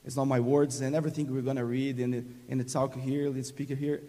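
A man from Brazil preaching a sermon in halting English with a Brazilian accent, often restarting phrases and calling for amens. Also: mid-range voice, flat delivery, mellow, in a large hall. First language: Portuguese. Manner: halting, many restarts, laughs often, invites call-and-response. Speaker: guest preacher.

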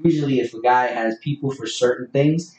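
A man's voice: medium pitch, brisk, darkish tone. A man co-hosting a casual podcast, talking in a profane, joking way. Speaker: podcast co-host. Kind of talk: casual chat. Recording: roomy sound from a distant mic.

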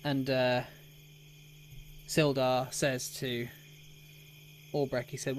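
A man running an improvised tabletop game as game master. He narrates slowly and hesitantly in a middling register, with a faint hiss under the recording. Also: medium pitch. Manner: relaxed and hesitant, with many fillers.

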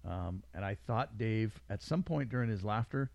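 Man, podcast host, low voice, dry close sound, rambling, laughing, casual chat. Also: expressive, moderate pace, creaky, darkish tone, no echo, dull audio. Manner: rambling, joking, laughs often. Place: small studio room.

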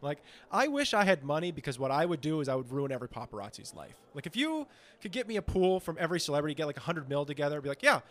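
A man's voice: a little high, racing. A man co-hosting a comedy podcast in casual, profane, rambling chat full of "like"s. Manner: animated, profane, rambling with many "like"s. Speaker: podcast co-host.

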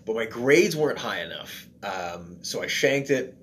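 A man's voice: fairly low pitch, animated, measured pace, fairly bright tone, slight background noise. A male guest talking casually, rambling and self-deprecating, with many fillers and restarts. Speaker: guest, comedian and writer. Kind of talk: casual chat.

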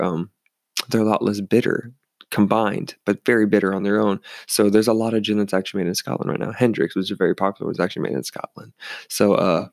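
A young bartender casually rambles through stories from the bar, swearing freely and acting out the voices of the people he quotes. His fairly low, darkish voice is captured in clean studio sound with no room noise.

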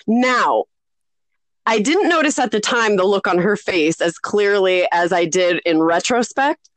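A woman's voice: moderate pace, dry recording. A woman in her thirties, a podcast co-host, telling a story in casual chat, acting out other people's voices and laughing often. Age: 30s. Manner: animated, acts out quoted voices with big pitch jumps.

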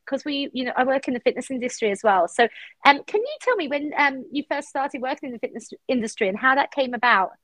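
Co-host: woman, slightly high pitch, friendly and encouraging, dry close sound. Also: lively intonation, fast talker, a bit bright, no room sound. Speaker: podcast co-host. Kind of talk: casual interview.

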